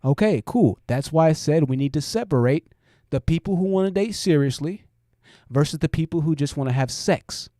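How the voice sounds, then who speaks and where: A man's voice: a little high, animated, normal speed, warm tone, no room sound, clean studio sound. A man hosting a livestream, giving blunt commentary and talking straight to his chat. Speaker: host.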